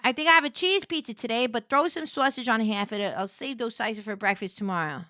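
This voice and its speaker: A woman's voice: a little high, brisk, pushed and bright, dry recording, clean studio sound. A woman voicing a friendly middle-aged male pizza customer in a chatty, polite way.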